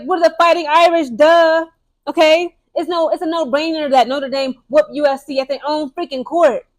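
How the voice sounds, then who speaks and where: A young adult woman giving casual, opinionated basketball commentary, emphatic and chatty, often checking in with "okay?" and "guys". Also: sits high. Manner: emphatic, keeps tagging lines with "okay?" and "guys"; fast and chatty, restarts and repeats words. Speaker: sports commentary vlogger.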